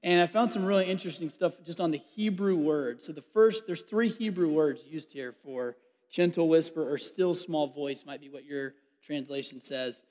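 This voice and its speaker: A man preaching a sermon. He acts out the scripture with laughs and drops into a hushed voice at times. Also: a little high, moderate pace. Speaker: pastor. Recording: long hall reverb.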